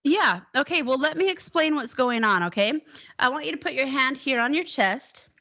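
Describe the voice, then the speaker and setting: A woman teaching a one-on-one singing lesson, encouraging her student and demonstrating high whoops. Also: expressive, moderate pace, pushed and bright, dull audio.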